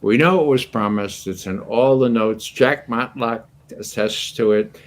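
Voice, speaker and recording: A man in his eighties, a guest commentator, telling stories in an animated, anecdotal way and chuckling often. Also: mid-range voice, a little slow. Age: 80s. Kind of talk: casual storytelling commentary.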